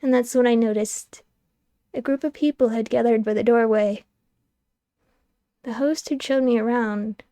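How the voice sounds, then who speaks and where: A young woman streamer reading a game's narration aloud, lively and wry, on a close microphone. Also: on the high side, unhurried, long pauses, no room sound. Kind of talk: expressive narration of a game's text.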